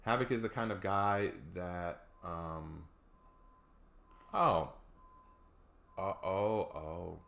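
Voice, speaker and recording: A man's voice: deep voice, drawn-out words, creaky, pauses often, fairly bright tone. A man chatting casually on a live stream, reading viewer comments aloud and telling laid-back stories.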